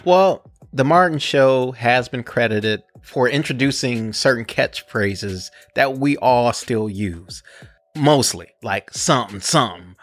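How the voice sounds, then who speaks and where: A man hosting a podcast, chatting casually with slangy, animated asides and frequent laughs. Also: medium pitch, slow, soft background music. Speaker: podcast host. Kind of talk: casual chat.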